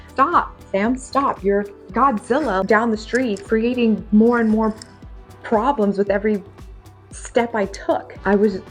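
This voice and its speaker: A woman's voice: mid-range voice, a little mellow. A young woman vlogging to camera, telling her story in a candid, chatty, self-deprecating way and laughing often.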